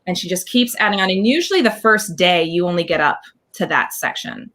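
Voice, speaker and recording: A woman guest talking in an animated, casual interview, scatting rhythms and acting out what others said. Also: fairly low pitch, a little fast. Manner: animated, scats dance counts, acts out quotes. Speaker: guest performer.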